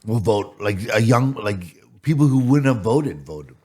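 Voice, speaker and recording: A man's voice: fairly low pitch, big pitch swings, a little slow, a little mellow. A man co-hosting a casual podcast, giving blunt, offhand opinions. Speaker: podcast co-host.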